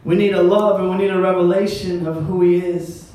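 A man's voice: high voice, steady tone, a little fast, mellow. A man preaching a sermon as pastor, in a conversational style with wry, self-deprecating asides. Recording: echoey hall, mic at a distance.

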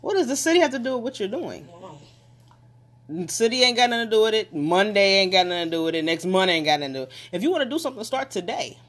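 A motivational speaker addresses listeners head-on with repeated, emphatic phrases. The delivery builds from reflective to forceful urging. Questions are fired straight at the audience, and the voice sits at a middle pitch. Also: very animated, quick pace.

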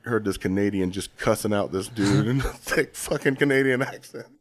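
A man's voice: lowish voice, a little fast. A man on a podcast telling stories in casual chat, acting out other people's voices. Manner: animated storyteller, mimics voices. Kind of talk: casual storytelling.

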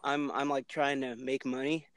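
A man from Ohio co-hosting a podcast, chatting easily with a few halting restarts. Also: mid-range voice, level tone, no room sound. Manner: easygoing, chatty, a little halting. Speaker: podcast co-host. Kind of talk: casual chat.

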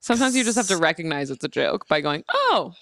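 Woman, comedy podcast co-host, teasing, laughs a lot, crisp voice, dry sound. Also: low-pitched, expressive, quick pace, no echo. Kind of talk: casual comedic chat.

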